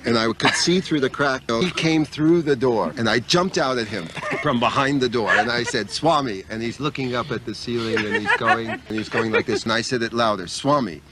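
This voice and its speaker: A man's voice: mid-range voice, noisy background. An older man telling humorous stories of his past, acting out other people's lines with laughter. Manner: animated, acts out dialogue with laughs. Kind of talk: humorous anecdotal storytelling.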